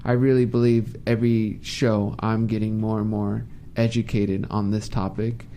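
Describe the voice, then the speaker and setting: A man hosting a live talk radio show in a studio, relaxed and teasing, laughing easily. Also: lowish voice, normal speed, a little hiss or hum. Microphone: studio mic.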